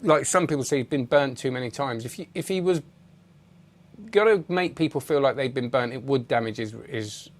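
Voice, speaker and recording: A middle-aged man speaking British English hosts a magic review channel in a mid-range, expressive voice at normal speed. His casual live-stream chat wanders freely, and he greets viewers by name.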